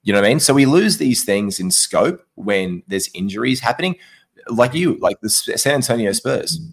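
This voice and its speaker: A young adult man co-hosting a podcast in casual chat, telling stories in a chatty, animated way. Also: mid-range voice, moderate pace, husky. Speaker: podcast co-host.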